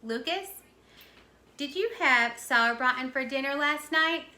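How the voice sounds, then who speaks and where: A strict schoolteacher with a firm, deadpan delivery and a bright, crisp edge, as a woman reads her lines from a storybook. The voice sits a little high and rings in an echoey room. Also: measured pace, full character voice. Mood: stern, dry. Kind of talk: read-aloud storybook.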